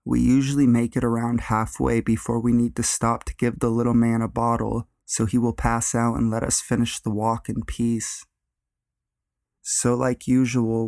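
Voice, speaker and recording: A young male narrator reads a scary story aloud in a flat, deadpan monotone. His voice is gravelly with a little vocal fry, and the recording is dry and close to the mic. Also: mid-range voice, no room sound. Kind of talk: reading a horror story aloud.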